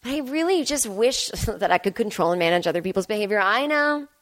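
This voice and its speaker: A woman's voice: mid-range voice, lively intonation, brisk. A woman hosting her own podcast, telling a comic story in a self-deprecating way and acting out both sides of the conversation. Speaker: podcast host. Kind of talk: solo comedic storytelling. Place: home apartment.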